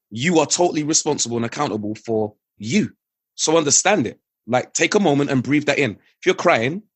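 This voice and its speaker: A middle-aged man talking candidly as a podcast guest, telling stories in an earnest, animated way. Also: medium pitch, slightly rough, no room sound, clean studio sound. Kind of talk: candid conversation.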